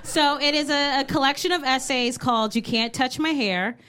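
A woman with a high voice co-hosts a comedy podcast on stage in front of an audience. She is chatty and quick to laugh, and she rants her way through stories. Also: pushed and bright, slight background noise. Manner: chatty, laughing reactions, ranting anecdotes. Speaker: podcast co-host. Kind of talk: live comedy podcast banter. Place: live show stage with audience.

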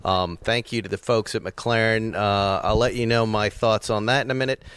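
A man's voice: lowish voice, steady tone, moderate pace, a bit bright, smooth, no echo. A man hosting a car talk show, telling long rambling stories with frequent chuckles. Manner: rambling storyteller, chuckles often. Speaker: podcast host. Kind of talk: casual chat.

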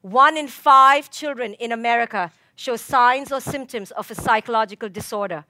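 Bright emphatic woman giving a stage talk. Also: on the high side, dry recording. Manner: measured, dramatic pauses, emphatic lists. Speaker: speaker, clinical psychologist. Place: conference stage. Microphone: stage microphone.

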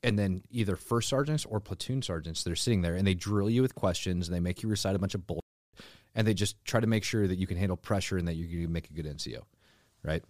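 Low-voiced man telling a story dryly. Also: quick pace, a little mellow, dry recording, clean studio sound. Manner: teasing, explains things for listeners. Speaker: podcast co-host. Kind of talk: casual storytelling chat.

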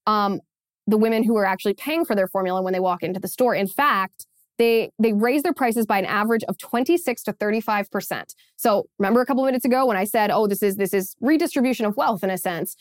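A woman with a medium-pitched voice talks fast while hosting an opinion podcast, delivering commentary that is emphatic and sarcastic. She often repeats her phrases. The recording is studio quality with no echo.

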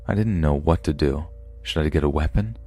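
Male podcast narrator with a low voice, reading horror stories steadily. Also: fairly quick, dark tone. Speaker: podcast host and story narrator.

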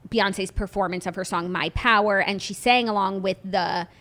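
A woman's voice: mid-range voice, steady tone, moderate pace, a bit bright. A woman co-hosting a podcast, chatting casually about pop culture and reading out news items. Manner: chatty, agreeable, says "like" often. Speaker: podcast co-host.

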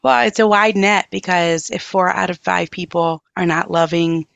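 A woman's voice: lowish voice, steady tone, normal speed, gravelly, dry recording. Enthusiastic woman hosting a podcast. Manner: warm, enthusiastic, affirming. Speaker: podcast host. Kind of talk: podcast interview.

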